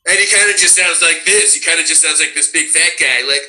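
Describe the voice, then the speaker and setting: A man and cartoon voice actor chatting casually, animated and slipping into character voices as he explains them. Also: a little high, a little fast, poor audio. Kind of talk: casual chat.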